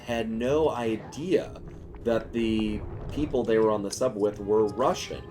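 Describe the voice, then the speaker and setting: A man's voice: on the low side, a little slow, darkish tone, slight background noise. A man who voices game characters chats casually and in a rambling way while streaming a game, and he laughs often. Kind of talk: casual chat while gaming. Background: game music.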